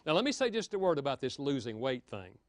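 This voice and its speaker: A man giving a lively, humorous marriage seminar talk, joking with his audience. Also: medium pitch, quick pace, no echo, studio quality. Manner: animated, playful, jokes with the audience.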